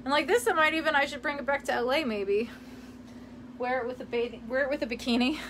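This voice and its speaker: A young American woman vlogger with a high voice talks fast against a noisy background. She's sorting old clothes at her parents' house, rambling, giggling, and reading live comments from viewers in casual chat.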